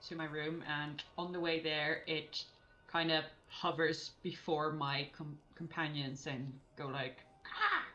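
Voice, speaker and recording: Low-voiced woman playing a tabletop game. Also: little pitch movement, measured pace, a bit bright, highs cut off, slight background noise. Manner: casual, laughing, thinking aloud with fillers. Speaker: player.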